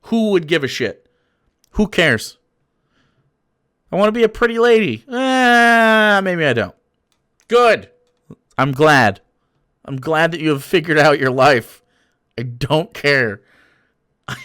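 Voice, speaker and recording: A man's voice: on the high side, expressive, slow pace, long pauses, a bit bright. A man giving casual, sarcastic and profane reaction commentary on a political video.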